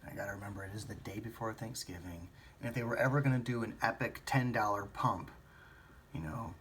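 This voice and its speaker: A man's voice: lowish voice, fast, fairly bright tone, slight background noise. A man thinking aloud about a stock trade in a rambling, self-questioning way, with some swearing. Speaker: stock trading vlogger. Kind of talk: thinking-aloud market commentary.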